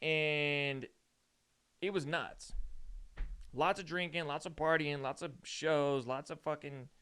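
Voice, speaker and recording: A man's voice: on the high side, steady tone, slow pace, a bit bright, clear, resonant tone. A young man from Austin, Texas, hosting a casual solo chat, rambling and swearing, saying "dude" often, sore and yawning. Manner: rambling and profane, peppered with "dude". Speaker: podcast host.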